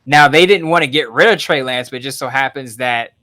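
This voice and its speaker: A man's voice: medium pitch, fairly quick. A man co-hosting a sports podcast as an NFL writer, laughing easily and breaking down games with energy. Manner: laughs easily, animated analysis. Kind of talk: casual sports chat.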